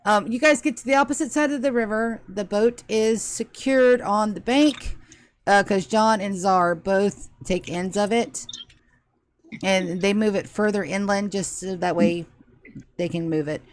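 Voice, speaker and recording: A woman's voice: mid-range voice, a little slow. A woman narrating a tabletop game as game master, casual and swearing freely.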